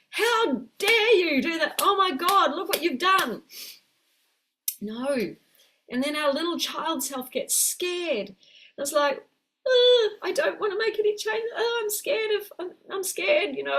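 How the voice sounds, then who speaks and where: A middle-aged woman, coaching viewers gently in a live stream and reading their comments aloud. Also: medium pitch. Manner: warm, encouraging, reads viewer comments aloud. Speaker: health coach. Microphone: webcam mic on a video call.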